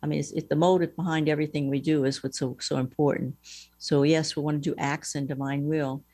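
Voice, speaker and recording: A woman, a mother superior, giving a gentle and earnest devotional teaching with small fillers. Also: low voice, little pitch movement, a little fast, dry recording.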